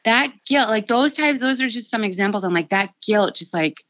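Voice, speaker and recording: A woman in her thirties, an anesthesia student and mother, telling stories on a podcast in a lively, animated way. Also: a little high, normal speed, no room sound. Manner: animated storytelling, acts out her own quotes. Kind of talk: casual podcast chat. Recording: slightly dull dry podcast audio.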